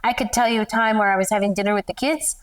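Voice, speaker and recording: Middle-aged woman guest, emotional and animated, mid pitch, a little distant from the mic. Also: very fast, clean tone. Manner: animated, emotional, laughs often. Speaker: guest, newborn photographer. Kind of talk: candid interview storytelling.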